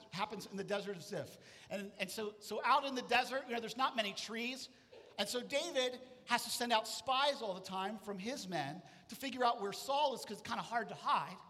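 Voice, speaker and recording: Animated high-voiced male preacher. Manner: animated storytelling, acting out voices. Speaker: pastor. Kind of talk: sermon. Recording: hall reverb.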